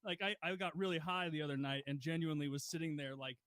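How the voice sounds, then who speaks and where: A man's voice: on the high side, quick pace, fairly bright tone, no room sound. A man in his thirties chatting casually, joking and laughing often as he talks. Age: 30s. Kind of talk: casual banter while gaming.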